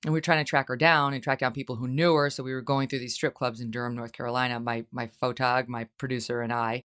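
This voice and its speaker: A middle-aged woman hosting a talk show, chatting casually and telling lively stories in which she acts out quoted voices. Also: rumbling low, quick pace, clean tone. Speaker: host. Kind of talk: casual chat.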